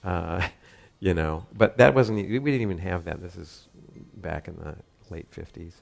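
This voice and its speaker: Speaking a little slowly in a low-pitched, gravelly voice, a Southern California man wanders through a casual story from his own life. Frequent chuckles, filler words and restarts run through it.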